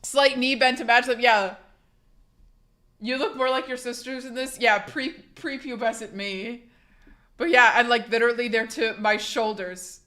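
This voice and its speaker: Hoarse young woman streamer chatting with viewers. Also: a little high, fairly even intonation, measured pace, sharp tone. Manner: blunt, swears casually, restarts sentences. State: sick, voice going hoarse. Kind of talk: casual chat reading a live chat.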